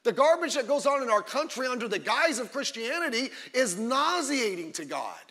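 Fiery high-voiced preacher in an echoing church. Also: male voice, big pitch swings, normal speed, sharp tone. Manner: fiery, emphatic preaching with frequent asides. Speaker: pastor. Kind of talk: sermon.

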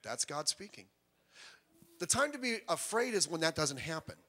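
A man delivers a sermon from the pulpit, his fairly high voice swinging up and down as he acts out the people in his stories. The sound rings with a long reverb, as in a church sanctuary. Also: moderate pace. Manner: animated, acts out quoted voices. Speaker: pastor.

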